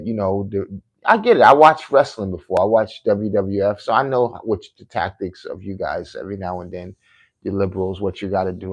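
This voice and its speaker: A man with a fairly low, slightly mellow voice hosts his own podcast as a live stream, combative and boastful, taunting his critics and challenging them to debate.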